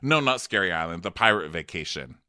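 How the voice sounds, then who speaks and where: Male co-host, low, animated, bright tone. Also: clear, resonant tone, no room sound, clean studio sound. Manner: animated storyteller, quick to laugh. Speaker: podcast co-host. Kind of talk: casual comedic recap chat.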